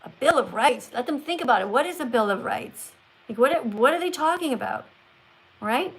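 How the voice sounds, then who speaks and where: A woman hosting a livestream, coaching a caller in a teacherly way and slowing down to stress words. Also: high-pitched, expressive, breathy edge, poor audio. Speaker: livestream host.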